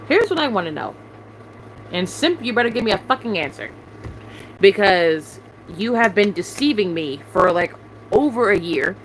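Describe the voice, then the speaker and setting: A young woman rants straight into the mic, her voice high and sharp-edged as she swears and repeats her demands. A faint hiss of noise sits under the recording. Her pitch swings widely as the anger rises and falls. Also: rough recording. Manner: confrontational, repetitive demands, heavy swearing. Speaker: YouTuber venting on a live stream. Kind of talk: angry venting rant.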